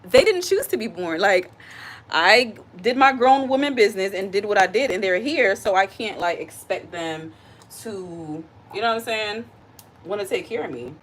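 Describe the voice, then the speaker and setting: There's a little hiss or hum as this woman, animated and fairly bright in a mid-range voice at normal speed, hosts a relaxed live stream while cooking at home. She chats with viewers, reads out their comments, and keeps repeating her points with real feeling.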